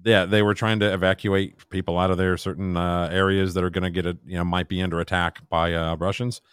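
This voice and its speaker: A man's voice: deep voice, flat delivery, a little fast, a bit bright, clean tone, no echo, clean studio sound. A man co-hosting a podcast, talking in a meandering, hesitant, casual way. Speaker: podcast co-host.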